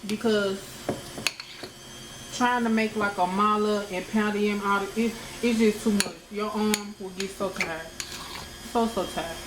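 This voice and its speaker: A woman's voice: mid-range voice, fairly even intonation, measured pace. A woman, a home cooking vlogger, chatting casually to viewers as she shows a dish step by step in her kitchen. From United States. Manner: chatty, addresses viewers as y'all. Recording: echoey kitchen with cooking noise.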